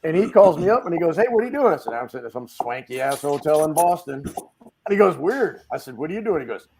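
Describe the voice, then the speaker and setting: New guy on a video call, animated storyteller, swears a lot, acts out the quotes. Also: on the high side, quick pace, creaky, slight background noise. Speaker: guest, dent repair tech. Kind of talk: casual storytelling chat.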